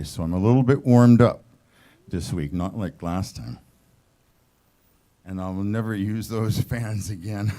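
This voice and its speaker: A man performing at an open mic, chatting casually and self-deprecatingly before singing country songs. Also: on the low side. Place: small showroom stage. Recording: live guitar music loud behind.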